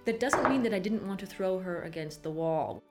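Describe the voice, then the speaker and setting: A woman's voice: medium pitch, animated, loud music behind the voice. Frank, laughing woman being interviewed. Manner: frank, halting, laughs often. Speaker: interviewee, mother. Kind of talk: candid interview.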